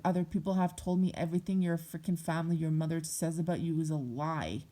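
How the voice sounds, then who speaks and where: A woman's voice: low voice, steady tone, fast talker, mellow. A young adult woman vlogger speaking bluntly and heatedly in a personal monologue, swearing often.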